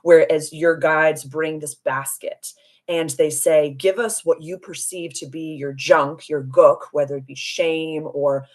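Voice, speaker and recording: A woman hosting a live stream as a spiritual coach, telling a story in an animated, giggly way and answering viewer comments. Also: low voice, measured pace. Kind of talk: casual live-stream chat.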